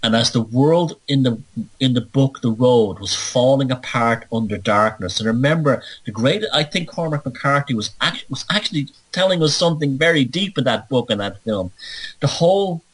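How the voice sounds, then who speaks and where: A man hosts a solo podcast, talking in emphatic, sardonic rants. His voice is husky and sits at an average pitch. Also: animated, moderate pace, low-quality recording. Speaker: show host. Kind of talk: monologue podcast.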